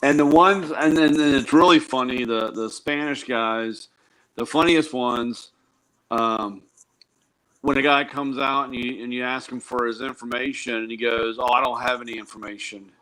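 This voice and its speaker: A man's voice: mid-range voice, measured pace, a bit bright, smooth, rough recording. Wry man telling shop stories. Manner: wry, joking storyteller. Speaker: tool truck dealer, guest. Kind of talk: casual chat on a live show.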